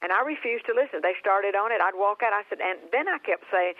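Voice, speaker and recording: A woman's voice: mid-range voice, animated, quick pace, no room sound. A woman guest minister telling her healing story in an interview, earnest, often repeating and restarting words. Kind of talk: phoned-in interview testimony. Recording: tinny phone line.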